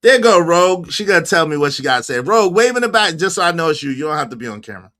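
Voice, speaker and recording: A man hosting a casual livestream chat, bantering loudly and giving shout-outs to viewers. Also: a little high, sing-song, rapid-fire. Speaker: livestream show host.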